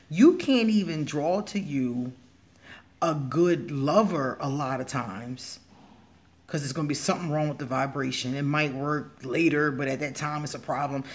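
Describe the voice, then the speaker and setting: A man giving blunt, emphatic advice as a spiritual healer in a casual vlog monologue. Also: on the high side.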